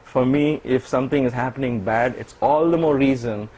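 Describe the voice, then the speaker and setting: A man being interviewed as a guest, telling a personal story in an animated way and often laughing. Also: medium pitch, moderate pace, low-quality recording.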